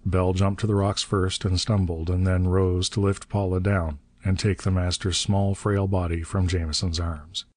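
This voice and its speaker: A narrator reads a novel aloud for an audiobook, keeping a steady, measured delivery. His voice is very deep with a dark tone, and the recording is dry and close, with no room sound or echo.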